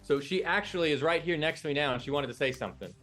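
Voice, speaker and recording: A man's voice: a little high, racing, a bit bright, faint music behind. A man hosting a casual live stream and talking enthusiastically with his guests. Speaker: podcast host.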